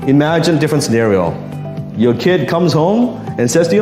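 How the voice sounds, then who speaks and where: Brief: lively male sales coach, fairly high voice, roomy recording with music underneath. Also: normal speed. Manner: animated, asks the audience questions. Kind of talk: motivational sales talk.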